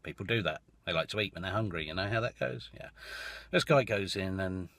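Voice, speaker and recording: A man's voice: deep voice, a little fast, gravelly, a bit bright, dry recording. A man telling a joke in a rambling, casual way, often stopping to restart and chuckling at his own story. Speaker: joke teller.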